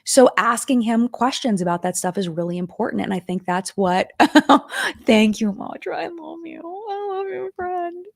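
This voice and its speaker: A woman's voice: a little high, expressive, moderate pace, creaky, a little mellow, dry recording, clean studio sound. A middle-aged woman hosting a live-stream chat, talking casually and emotionally, with many fillers and restarts. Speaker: live-stream commentary host.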